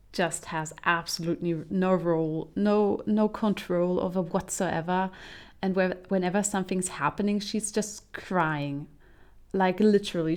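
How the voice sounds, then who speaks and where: A woman's voice: fairly low pitch, a little mellow. A woman giving a casual comedic film review, chatty and full of um's, restarts and laughs. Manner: chatty, frequent um's and self-restarts, laughs while talking.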